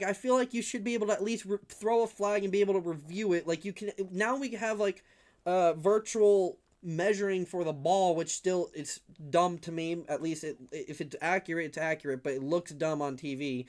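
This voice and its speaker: Young male streamer, fan play-by-play from his home room, slightly higher voice, rambles and gets heated. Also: normal speed. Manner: rambling, gets worked up and shouts at big hits. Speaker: livestream play-by-play host. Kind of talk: casual fan play-by-play commentary.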